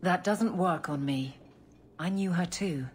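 An actress voicing a grieving woman guard captain who speaks in a quiet, restrained, plainspoken way. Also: on the low side, measured pace, slight background noise, close to an everyday voice. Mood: somber.

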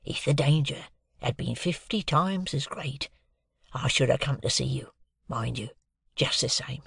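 A man doing a gravelly old convict. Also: medium pitch, measured pace, no echo, clean studio sound, heavily acted. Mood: earnest, confiding. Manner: coarse dialect, hoarse hushed urgency. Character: rough older male convict, fiercely devoted.

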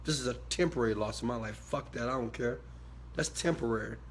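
A man giving a motivational talk to his viewers, emphatic and preachy, swinging from quiet asides to loud shouted bursts. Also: mid-range voice, fairly quick, slight background noise. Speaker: motivational speaker.

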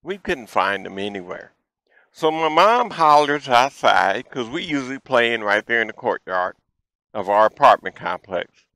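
A man in his fifties hosting a show, telling childhood stories in a folksy, animated way. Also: medium pitch, a little slow, no room sound, rough recording. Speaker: show host. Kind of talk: storytelling childhood memories.

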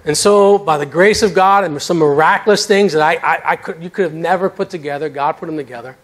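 In a church sanctuary, a middle-aged male pastor with a high voice briskly preaches a sermon built on personal testimony. He tells his own story in a lively, animated way with self-deprecating humor, shifting between intimate moments and exclamations.

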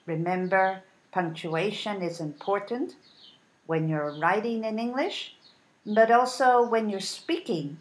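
Slow, careful woman teaching English. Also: medium pitch. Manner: deliberate, clearly enunciated modeling of intonation.

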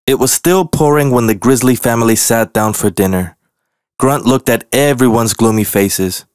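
A man reading a children's picture book aloud in a gentle, deliberate way. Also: medium pitch, no room sound, clean studio sound. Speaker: storybook reader.

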